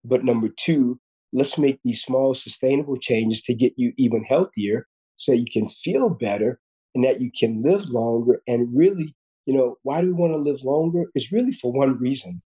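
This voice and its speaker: A man's voice: medium pitch, moderate pace, slightly rough, poor audio. Earnest man in his fifties, telling a story. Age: 50s. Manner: earnest, repeats words, warm storytelling. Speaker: guest surgeon. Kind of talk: storytelling in a podcast interview.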